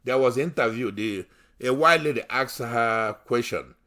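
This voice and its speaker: Male commentary host, forceful bright tone, scornful, emphatic repeats. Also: medium pitch, normal speed. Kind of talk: political commentary monologue.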